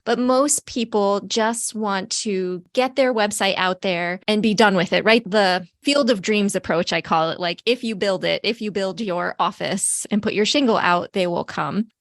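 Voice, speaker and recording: A woman hosting a podcast interview and explaining her views at a thoughtful, measured pace. Her voice sits in a middle range and is recorded close and dry, with no room sound. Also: mid-range voice, no echo. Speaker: podcast host, marketing teacher.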